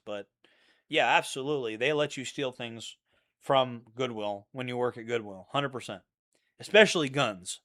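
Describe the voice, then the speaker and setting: A man's voice: medium pitch, fairly bright tone. A man telling rambling, profane stories in a casual monologue, often repeating himself. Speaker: channel host.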